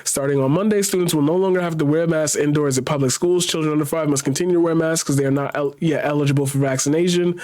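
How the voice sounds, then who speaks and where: A man reacting to a news article, reading it out quickly and then ranting with heavy swearing and repeated phrases. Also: on the high side, a little mellow. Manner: rapid when reading, slow and emphatic when ranting. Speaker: commentary streamer.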